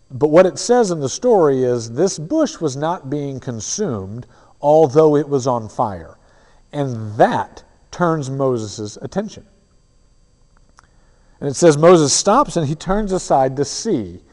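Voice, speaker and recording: Male preacher, mellow low-key tone, reflective storytelling, long hall reverb. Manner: earnest, reflective storytelling with frequent restarts. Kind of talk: sermon.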